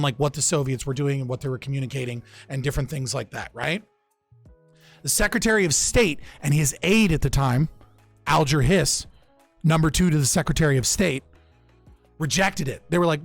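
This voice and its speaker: A man's voice: fairly high pitch, dry recording. A young man casually recounting political history on a podcast, loose and profane, often restarting his sentences. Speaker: podcast speaker.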